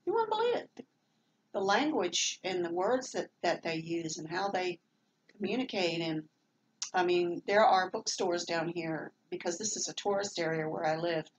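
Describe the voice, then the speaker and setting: Southern-accented woman in middle age, rambling home vlog, lowish voice, faint hiss behind. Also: moderate pace, poor audio. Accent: Southern American. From American South. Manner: chatty, meandering, many fillers and restarts. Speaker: vlogger. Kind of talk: rambling casual monologue.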